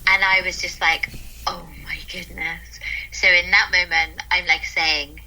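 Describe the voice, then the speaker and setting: Brief: woman guest, very bright voice, earnest storyteller who laughs easily mid-sentence. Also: fairly low pitch, fairly even intonation, normal speed, slight background noise, rough recording. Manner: warm, earnest, laughs often while telling stories. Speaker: guest, calm mentor. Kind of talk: casual interview storytelling.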